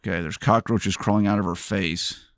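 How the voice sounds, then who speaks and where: A man's voice: lowish voice, fairly even intonation, moderate pace, no room sound, clean studio sound. A man streaming a video game, chatting casually and joking with his viewers, laughing often. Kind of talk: casual live-stream chat.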